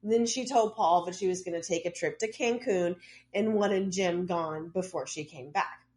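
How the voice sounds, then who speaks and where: A woman's voice: fairly low pitch, normal speed, darkish tone. A woman co-hosting a podcast, casually retelling a case with loose asides and lots of "like.". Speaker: podcast co-host. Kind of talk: casual true-crime storytelling.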